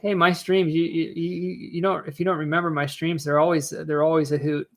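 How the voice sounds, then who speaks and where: A man's voice: on the high side, flat delivery, brisk. A man hosting a casual live stream from home, often repeating words as he talks, joking between stammers. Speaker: coin roll hunting live streamer.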